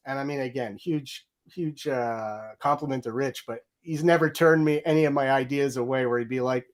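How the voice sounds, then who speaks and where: A man's voice: medium pitch, normal speed, hardly any pauses. A middle-aged man telling a story with energy in an interview, acting out his own quoted lines. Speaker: guest, game audio director.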